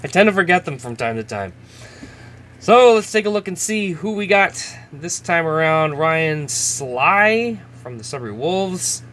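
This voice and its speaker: A man talks slowly and chattily as he opens packs, often chuckling at himself. His voice sits on the higher side. A faint noise runs under the recording. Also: animated, a bit bright. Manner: chatty, laughs at himself, reads names aloud. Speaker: host. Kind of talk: casual card-opening commentary.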